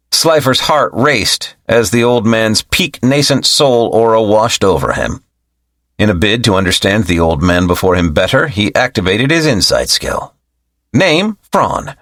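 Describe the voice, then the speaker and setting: A man narrating an audiobook with expressive storytelling. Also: on the low side, no room sound, clean studio sound. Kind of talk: scripted narration.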